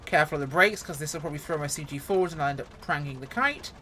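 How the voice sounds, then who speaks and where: A woman with a deep, low voice talks through her flight sim session at home in a loose, chatty way. She jokes and pokes fun at her own mistakes as she goes. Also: animated, very fast, hardly any pauses, fairly bright tone, slight background noise. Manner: chatty, joking, self-mocking. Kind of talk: casual gameplay commentary.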